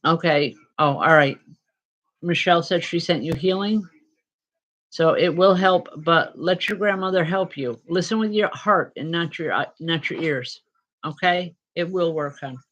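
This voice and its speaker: Speaking with a fairly low pitch, a woman medium offers spirit readings to people watching her live stream. She reassures them gently, pausing often and filling gaps, though the recording is rough.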